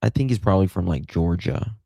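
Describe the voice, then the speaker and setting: Low creaky Southern man, chatty. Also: brisk, dark tone, no echo. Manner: chatty, drawling, greets viewers by name. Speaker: livestream host. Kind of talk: casual chat reading viewer comments.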